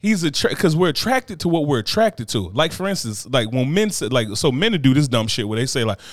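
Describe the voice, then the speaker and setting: A blunt, animated man in a casual podcast conversation, swearing freely and circling back to his point again and again. His voice sits at an ordinary middle pitch. The sound is close and dry, with no room echo. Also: a little fast. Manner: blunt, profane, animated, repeats "you know what I mean". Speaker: podcast co-host. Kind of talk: casual chat.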